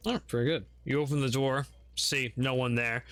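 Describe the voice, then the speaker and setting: A man's voice: mid-range voice, steady tone, moderate pace, fairly bright tone, dry recording. A man narrating a tabletop game as game master, loose and casual with lots of fillers.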